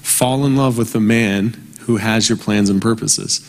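A man's voice: on the low side, steady tone. Earnest preacher man in a reverberant hall. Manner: conversational, earnest, slows down for emphasis. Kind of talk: sermon. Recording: long reverb from a large hall.

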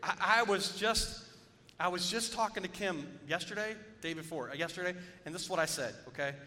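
A joking pastor preaching in a hall. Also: male voice, brisk, bright, forceful tone. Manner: conversational, joking, calls on the congregation. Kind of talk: sermon. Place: church sanctuary. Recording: reverberant hall with faint rumble.

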